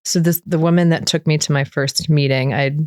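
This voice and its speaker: A woman's voice: deep voice, fairly quick, no echo. A middle-aged woman speaking earnestly in a candid interview, often acting out what she and others said. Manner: earnest, quotes herself and others in animated re-enactments. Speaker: guest sharing recovery story.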